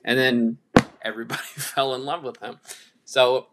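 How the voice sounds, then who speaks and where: A man's voice: medium pitch, steady tone, normal speed, very noisy. A man hosting a solo podcast, talking casually in an irreverent, profane, rambling way full of fillers. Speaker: podcast host.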